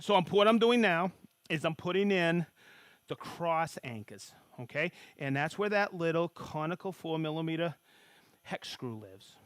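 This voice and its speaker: A man giving a live woodworking tool demonstration, excitable and folksy, often checking in with "okay?" and calling out greetings to viewers. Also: a little high, no echo.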